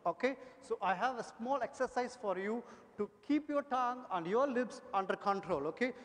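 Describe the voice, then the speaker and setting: A man, an energetic conference presenter coaxing an audience through speaking drills with repeated cues. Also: extremely high pitch, moderate pace. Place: large conference hall. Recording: long hall reverb.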